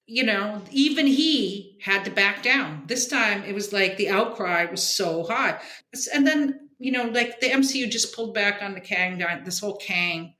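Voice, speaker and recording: A woman's voice: mid-range voice, lively intonation, moderate pace, sharp tone, roomy sound. A woman in her sixties, a comics editor and journalist guesting on an interview, talking bluntly and emphatically, often tagging "okay?". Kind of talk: casual interview talk.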